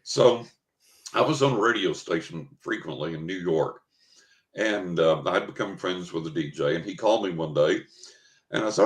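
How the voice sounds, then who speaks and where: An older man appearing as a psychic guest in an interview casually tells an anecdote, acting out the quoted dialogue. His voice is low-pitched and fairly quick, with a roomy echo in the recording.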